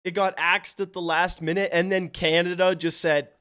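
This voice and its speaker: High-pitched guy streaming, chatting casually with chat, animated storytelling, swears a bit. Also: normal speed, clean tone. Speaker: livestreamer.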